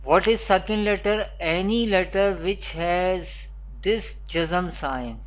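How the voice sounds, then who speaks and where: This is a Quran teacher's recorded pronunciation lesson for beginners, calling out letters singly and repeating spelling drills. The voice has medium pitch and a slow pace.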